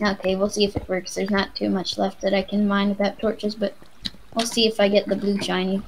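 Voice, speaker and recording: A woman chatting while she plays a game, her pitch sitting right in the middle of the range. She rambles and jokes easily with her co-player. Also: level tone, a little fast, slight background noise, rough recording. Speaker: let's play co-host. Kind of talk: casual gaming chat.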